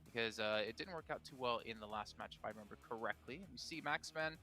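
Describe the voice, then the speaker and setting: Brief: male desk host, brisk and teasing, sharp bright voice. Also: medium pitch, soft background music. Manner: brisk, teasing, directs questions to panel. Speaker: watch party desk host. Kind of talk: hosting esports analysis.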